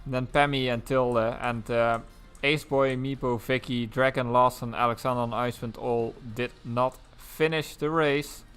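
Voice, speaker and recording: A man's voice: medium pitch, fairly even intonation, normal speed, few pauses, a bit bright, clear, resonant tone, soft background music. A man giving casual, chatty live commentary on an online sim-racing league race. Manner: casual, chatty, breaks into laughs.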